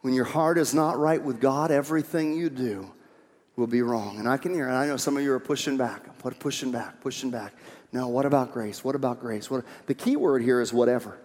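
A man's voice: mid-range voice, a little fast, a little mellow. A man preaching a sermon as pastor, emphatic, repeating key phrases and coaxing the congregation along. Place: church sanctuary. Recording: long hall reverb.

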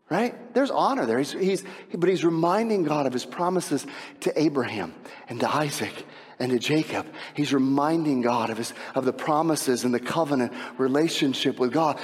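A male pastor delivers a lively sermon in a somewhat high voice, firing rhetorical questions at his congregation. His words ring out with a long reverb, as in a large church sanctuary.

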